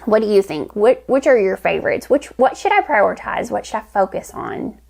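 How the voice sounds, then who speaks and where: Gravelly-voiced woman chatting about crafts. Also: medium pitch, sing-song, brisk, a little mellow. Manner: chatty, enthusiastic, rambling with restarts. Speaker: knitting vlog host. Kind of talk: casual chat to camera.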